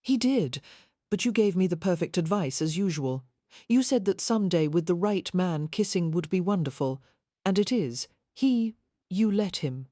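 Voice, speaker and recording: A gentle, earnest young lady from a Victorian audiobook romance, voiced by a woman narrator. She speaks softly and sincerely in a warm, mellow tone, a little higher than the narration, with a dry close sound. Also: expressive, normal speed, no room sound. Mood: tender.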